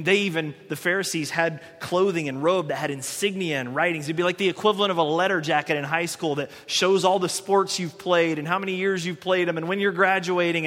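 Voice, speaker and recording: A man's voice: sits high, a bit bright. A man preaching a conversational sermon, acting out the people he quotes. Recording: long hall reverb.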